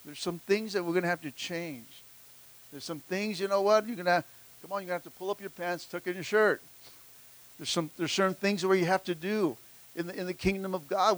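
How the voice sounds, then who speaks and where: Fervent high-voiced preaching man. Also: fairly bright tone. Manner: fervent preaching with call-and-response; repeats words in rapid restarts. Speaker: pastor. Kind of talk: sermon.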